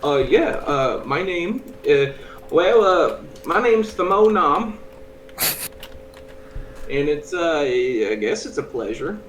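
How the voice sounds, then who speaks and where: A man's voice: fairly high pitch, sing-song, slow pace, pauses often, echoey room. Hesitant young man with background noise. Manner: hesitant, lots of fillers. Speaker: tabletop game player. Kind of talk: casual tabletop role-play chat.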